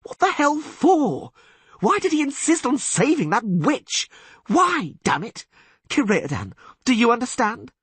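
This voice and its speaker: A man doing a frantic, yelling young bard. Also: high voice, huge pitch swings, moderate pace, breathy edge, no room sound, voice pushed up, heavily acted. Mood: anguished. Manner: frantic shouting. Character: desperate young man bard, loud and fretful. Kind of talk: audiobook character voice.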